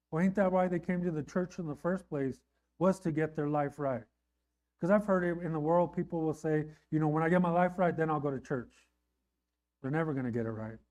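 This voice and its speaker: A man's voice: fairly high pitch, a little mellow. A man preaching a sermon in an earnest, conversational way, often checking in with his listeners. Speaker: pastor.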